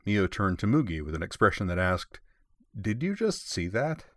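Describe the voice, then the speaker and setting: A man reading a story aloud in an expressive, measured way. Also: deep voice, no room sound, clean studio sound. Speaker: story reader. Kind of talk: reading fan fiction aloud.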